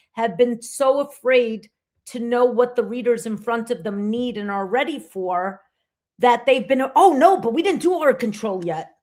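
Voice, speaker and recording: This is a woman co-hosting a podcast who also teaches. Her voice sits a little high, and she talks in a plain, direct way. She keeps steering the talk toward practical points. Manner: direct, pushes for practical examples. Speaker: podcast co-host and reading teacher. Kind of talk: conversational podcast discussion.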